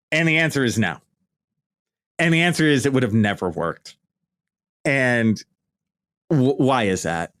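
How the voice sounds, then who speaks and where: A middle-aged American man talks into a podcast mic in a loose, unscripted monologue. His delivery is lighthearted and chatty, and he keeps tossing in "right?" and "you know" while he tells his story. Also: medium pitch. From United States. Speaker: podcast host. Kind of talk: casual reminiscing monologue. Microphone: podcast microphone.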